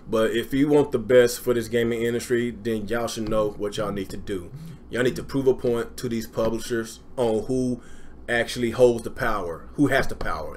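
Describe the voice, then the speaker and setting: A man hosting a gaming live stream, ranting heatedly with lots of swearing and shouting, then calmly greeting viewers. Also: medium pitch, slight background noise. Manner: heated, profane, often shouting, then calm chatty shout-outs.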